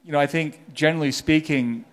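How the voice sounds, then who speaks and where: A man's voice: fairly high pitch, fairly even intonation, a little fast. A man from a legal department answering a conference question with careful, hedging wording.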